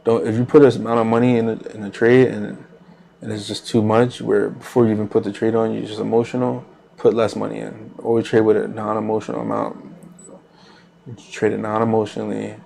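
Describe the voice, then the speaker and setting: A man's voice: lowish voice, little pitch movement, fairly quick, vocal fry, dark tone, slight background noise. A man hosting a trading channel, talking casually while he trades live, rambling loosely with repeated phrases and fillers.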